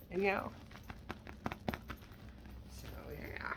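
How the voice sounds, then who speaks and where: A woman's voice: on the high side, slow, long pauses, a bit bright, a little hiss or hum. A woman chatting casually and candidly as she shows handbags for sale, with self-deprecating asides. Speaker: online handbag reseller. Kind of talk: casual product showcase vlog.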